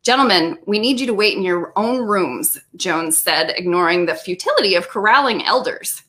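A woman's voice: mid-range voice, moderate pace, few pauses. A woman author on a video call reading aloud from her own novel, with laughing asides. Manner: lively reading with laughs and self-aware asides.

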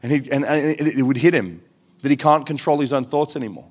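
Male preacher, mid-pitched, earnest testimony-style delivery with acted quotes. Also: brisk, a little mellow. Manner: earnest storytelling with quoted voices. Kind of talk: sermon testimony.

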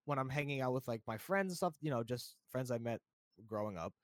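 A man's voice: medium pitch, brisk, no echo, studio quality. A young man from the United States chatting casually, rambling with lots of fillers. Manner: relaxed, rambling, many fillers. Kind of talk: casual chat.

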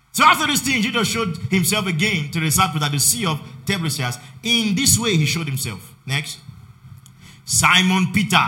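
Man, pastor, church sermon, slightly high voice, call-and-response, dramatized scripture. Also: sharp tone. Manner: preaching with call-and-response prompts and dramatized Bible quotes.

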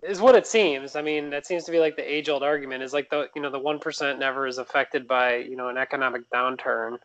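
A man's voice: mid-range voice, steady tone, quick pace, fairly bright tone, poor audio. A man co-hosting a casual podcast, hesitant and full of fillers.

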